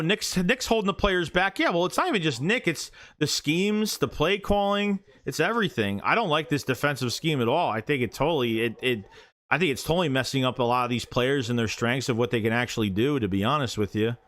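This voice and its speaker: A man's voice: fairly high pitch, a little fast. A man calling a football game live as a fan streamer, cursing freely and getting worked up over bad plays. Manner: profane, excitable, yells at bad plays. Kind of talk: live fan reaction play-by-play.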